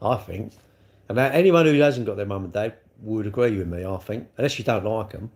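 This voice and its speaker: A man's voice: on the low side, fairly quick, darkish tone. A middle-aged man talks loosely through a livestream, answering viewers as their comments come in. He rambles from one thought to the next and keeps tacking tag questions onto the ends of his sentences. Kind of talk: casual live chat answering viewer comments.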